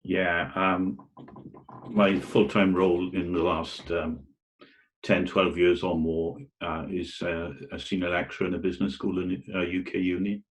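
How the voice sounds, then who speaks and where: A man's voice: low-pitched, little pitch movement, a little slow. A man who works as a senior lecturer, speaking hesitantly with fillers on a group video call. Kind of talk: casual group discussion.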